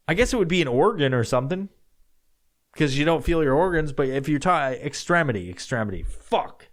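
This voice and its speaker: Young male podcast host, solo, casual and foul-mouthed, meandering answers, bursts of loud shouting. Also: mid-range voice. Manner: profane, rambling, jumps into loud acted-out shouts.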